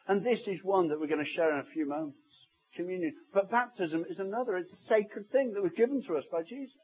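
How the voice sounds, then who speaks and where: High, husky-voiced preacher man. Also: highs cut off. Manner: storytelling preacher, swinging from loud to hushed. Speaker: pastor. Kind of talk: sermon. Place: church service.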